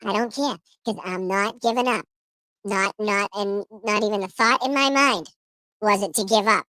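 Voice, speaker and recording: A man talking defiantly on a livestream while a glitch pitches his audio up into a chipmunk-like squeak. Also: normal speed, bright, forceful tone, dry recording. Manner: defiant, rambling. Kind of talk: casual livestream chat.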